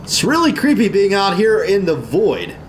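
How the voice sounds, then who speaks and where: A man's voice: high-pitched, wildly swooping pitch, moderate pace, a little hiss or hum. A man commenting on a video game he is playing, reacting with big emotional swings and talking to the characters on screen. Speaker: let's play gamer. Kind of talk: casual gameplay commentary.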